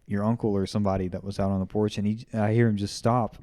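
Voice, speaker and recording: A man's voice: fairly low pitch, flat delivery, fast, warm tone, no room sound. Easygoing young man telling stories. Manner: easygoing anecdote teller. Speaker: podcast co-host. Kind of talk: casual storytelling.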